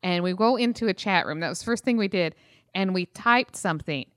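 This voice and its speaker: A woman co-hosting a podcast, chatting casually and reacting in an animated way. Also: on the low side, a little fast, no echo, studio quality. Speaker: podcast co-host. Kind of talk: casual chat.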